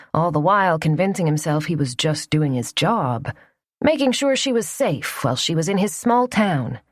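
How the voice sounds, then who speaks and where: A woman narrating a romance audiobook in a soft, even storytelling voice. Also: sits low, no room sound, clean studio sound.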